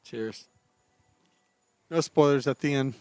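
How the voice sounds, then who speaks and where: A man's voice: mid-range voice, slow pace, a little mellow, smooth, no room sound. A man from Florida co-hosting a casual podcast chat at night on a back porch, talking in a rambling, hesitant way and correcting himself. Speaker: podcast co-host.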